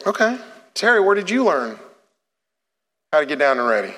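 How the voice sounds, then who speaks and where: A man's voice: on the high side, big pitch swings, moderate pace, bright, forceful tone, long reverb tail. A man preaching a sermon to his congregation, joking and coaching people through a demonstration in a church sanctuary. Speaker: pastor.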